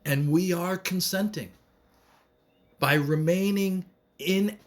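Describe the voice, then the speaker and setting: A man's voice: high voice, slow. A man giving an earnest, emphatic political monologue to camera, repeating phrases to drive his points home. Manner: earnest, emphatic, repetitive rallying speech. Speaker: vlogger.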